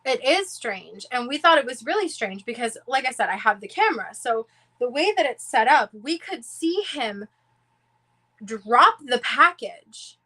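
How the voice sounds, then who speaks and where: A woman's voice: fairly high pitch, sing-song, unhurried, sharp tone, poor audio. A woman in her twenties chatting casually on a livestream, rambling and restarting her sentences as she talks. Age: 20s. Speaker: diamond painting livestream host.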